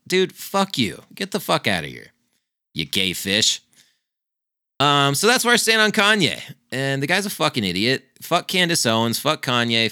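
A man's voice: mid-range voice, bright, forceful tone, dry recording, studio quality. A man in a casual, rambling rant, blunt and full of profanity. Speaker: vlogger.

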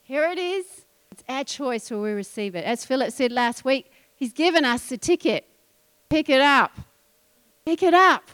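A woman pastor preaching a sermon, emphatic and animated, dropping into quiet asides. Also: sits high, normal speed, clean tone.

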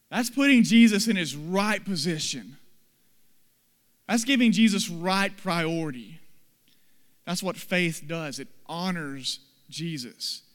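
A man preaching a sermon, dramatically acting out the people in the story with sudden loud and soft swings. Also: on the high side, big-room sound. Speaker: pastor.

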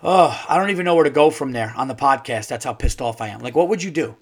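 A man's voice: mid-range voice, lively intonation, fairly quick, breathy edge. Angry ranting man podcast host. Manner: angry ranting, swearing, acts out dialogue. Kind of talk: solo podcast rant.

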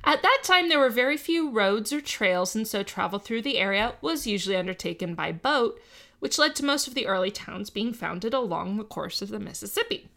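A woman's voice: medium pitch, lively intonation, brisk, vocal fry, a bit bright. A young woman co-hosting a casual history chat, reading from notes with playful, giggly asides. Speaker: podcast co-host.

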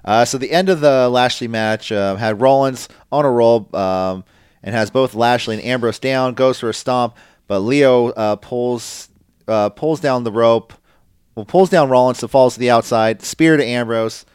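A man co-hosting a casual wrestling podcast, animated and swearing freely, acting out what others said. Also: medium pitch, measured pace, smooth, no room sound, studio quality. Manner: animated, swears, acts out quotes. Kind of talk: casual chat.

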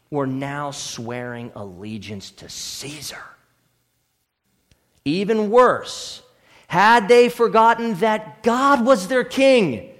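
A man's voice: high voice, a bit bright, in a large hall. A man preaching a sermon as pastor, earnest and building to emphatic declarations. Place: church sanctuary.

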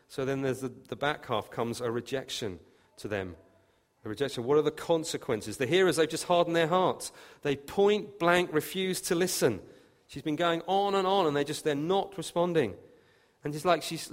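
A man preaching a sermon, emphatic, with his voice lifting and growing louder when he quotes scripture. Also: on the high side, moderate pace. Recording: long reverb of a hall.

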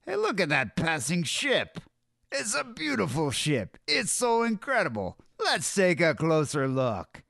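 A man's voice: a little high, wildly swooping pitch, a little slow, creaky, a bit bright, dry recording, clean studio sound, pitched above the performer's own voice, heavily acted. A man voicing a scheming grown man with a thick put-on accent, over-the-top and sing-song.

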